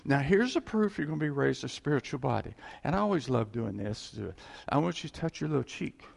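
A man's voice: fairly high pitch, animated, fairly quick, gravelly, a little mellow, in a large hall. A man preaching a sermon, telling the stories with life and acting out the voices in them.

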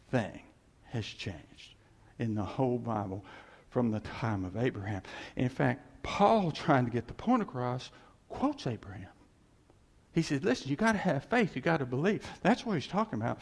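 Gravelly animated man preaching in a hall. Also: mid-range voice. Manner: animated, swings from loud to hushed, jokes and laughs. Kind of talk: sermon. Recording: long hall reverb.

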